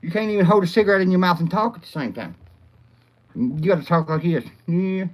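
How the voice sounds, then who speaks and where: Brisk and high-voiced, this livestream host rambles through a profane live chat, laughing often and shouting out viewers by name. His manner is crude and rowdy, and the recording cuts off the highs.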